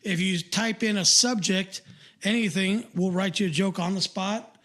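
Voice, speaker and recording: An older man with a notably high voice co-hosts a podcast in casual chat. He rambles, circling back with fillers and restarts as he goes. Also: fairly even intonation, normal speed, fairly bright tone. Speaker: podcast co-host.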